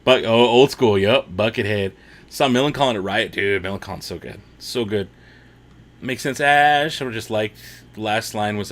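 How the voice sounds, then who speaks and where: A man's voice: fairly low pitch, normal speed, a bit bright. A man hosting a casual watch-party livestream, reading chat comments aloud and laughing often.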